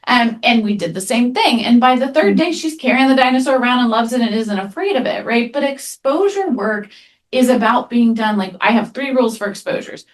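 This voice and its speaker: Animated woman clinician telling stories. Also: fairly high pitch, fairly quick. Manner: animated storyteller, frequent "right?" tag questions. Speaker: therapist and webinar presenter. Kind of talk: conversational webinar talk.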